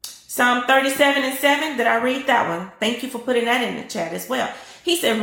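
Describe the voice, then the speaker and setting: A woman's voice: on the high side, fairly quick, vocal fry, sharp tone, roomy sound. A woman preacher teaching a sermon, fervent and repetitive, quoting scripture on a live stream. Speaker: prophetess and teacher.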